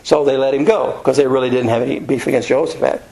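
A man's voice: medium pitch, steady tone, quick pace, vocal fry, warm tone, low-quality recording. An American man teaching a casual Bible study, telling the story in a folksy, rambling way with plenty of fillers. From United States.

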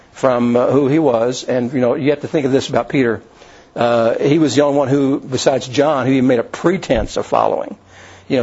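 Husky man telling a sermon story. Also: medium pitch, darkish tone. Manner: retells scripture in his own words, with restarts and asides. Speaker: preacher. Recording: dull lo-fi recording.

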